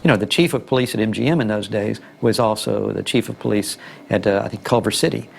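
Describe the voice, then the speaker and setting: A man's voice: lowish voice, fast talker, creaky, noisy background. A man giving a reflective documentary interview about the old film industry. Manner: reflective, thoughtful explanation.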